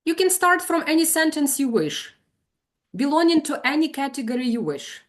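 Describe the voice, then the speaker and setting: A woman's voice: sits high, very animated, moderate pace. A woman leading an online English teaching lesson, calling on trainees and explaining their mistakes. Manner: calls on students, corrects gently.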